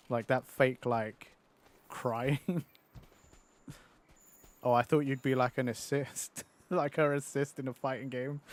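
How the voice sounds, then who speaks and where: A man in his 30s chats loosely while streaming a game, rambling, poking fun at himself, swearing freely and laughing a lot. His pitch sits in an ordinary middle range.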